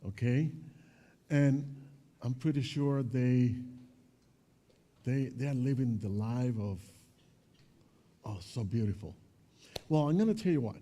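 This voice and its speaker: A man leads a children's Bible lesson, keeping the kids involved with questions. His voice is very dark and mellow, and he sits at an average pitch. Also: slow, long pauses. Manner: asks the children questions, mixes in Spanish.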